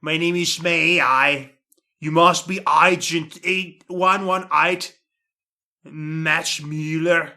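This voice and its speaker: Mock cockney lady spy, brisk and flirty, high bright voice, a guy doing her. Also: fairly even intonation, heavily acted. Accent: attempted Cockney. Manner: exaggerated comic reading voice.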